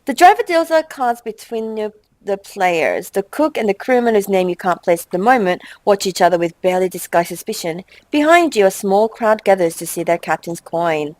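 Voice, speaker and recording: A young woman hosting a game let's play, chatting with quick exasperated asides and reading game text aloud. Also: mid-range voice, expressive, darkish tone, dry recording, rough recording.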